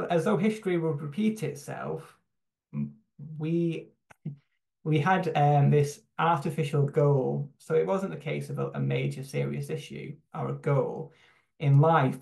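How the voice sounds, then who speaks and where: A young man speaks on a video call, his voice gravelly with a touch of fry. He talks in a reflective, halting way, full of fillers and restarts. The sound carries a roomy echo from the space he is in. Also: on the high side, a little mellow. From United Kingdom. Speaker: church human rights team member. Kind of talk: personal testimony talk on a video call.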